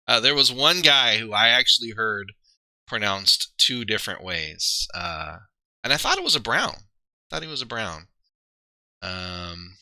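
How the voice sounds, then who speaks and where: Bright-voiced man rambling on stream. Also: on the low side, vocal fry, no echo. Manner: rambling, thinking aloud with many fillers and restarts. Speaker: streamer and league player. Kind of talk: casual livestream chat.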